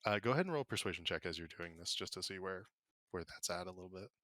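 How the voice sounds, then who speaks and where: A man's voice: low-pitched, expressive, fast, fairly bright tone. A man narrating casually as game master of a tabletop game.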